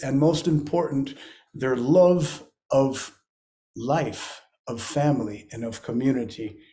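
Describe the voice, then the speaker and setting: Slow, mellow-voiced man hosting. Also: a little high. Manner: slow, solemn, measured. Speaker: host. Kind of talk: spiritual podcast hosting.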